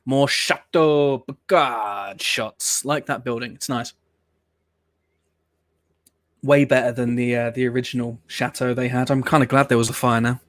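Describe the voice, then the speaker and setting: A man's voice: mid-range voice, fairly even intonation, moderate pace, few pauses, no room sound. A man hosting a watch-along show, chatting casually and rambling with blunt opinions and the odd swear word. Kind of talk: casual reaction commentary.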